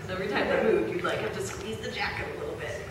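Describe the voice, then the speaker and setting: A woman's voice: mid-range voice, steady tone, rapid-fire. A woman, a voice actor and Foley artist, chatting in an upbeat, casual way on a convention panel. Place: large convention panel hall with an audience. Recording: echoey hall taped from far off, noisy.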